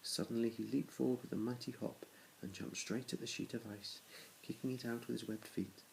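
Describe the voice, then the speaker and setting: A man's voice: medium pitch, steady tone, a little fast, vocal fry, darkish tone, slight background noise, low-quality recording. A man reading a children's storybook aloud to his children, in a plain reading voice with small restarts. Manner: plain reading with small restarts, little change between characters.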